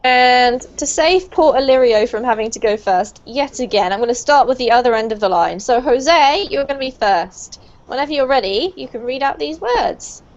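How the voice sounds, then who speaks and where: Cheerful pronunciation teacher, high-voiced woman, online class over a muffled call. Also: animated, normal speed. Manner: upbeat, encouraging, praises often. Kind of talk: online group pronunciation lesson. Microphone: video call. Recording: dull lo-fi video call audio.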